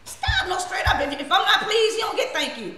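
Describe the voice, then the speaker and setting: A woman minister hosting a casual live stream, laughing often and giving lively preachy asides to her viewers. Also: extremely high pitch, fairly quick, echoey room.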